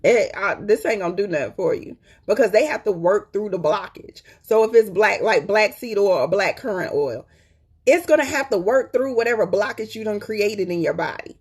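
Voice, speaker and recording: Speaking at a normal speed in an animated, slightly rough, medium-pitched voice, this host chats casually on a live stream. She addresses viewers as "y'all," stresses and repeats her points, and keeps asking "okay?".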